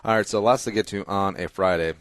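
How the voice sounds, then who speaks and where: A man's voice: lowish voice, fast talker, dry recording. A man hosting a casual podcast, opinionated and emphatic, rambling and swearing freely, on a close studio mic. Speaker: podcast host.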